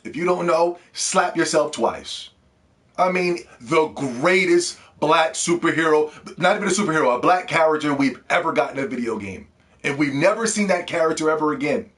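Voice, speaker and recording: A man's voice: fairly high pitch, lively intonation, normal speed, a bit bright. A man ranting to the camera about games, heated and profane, repeating words when worked up. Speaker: gaming video host. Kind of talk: ranting video commentary.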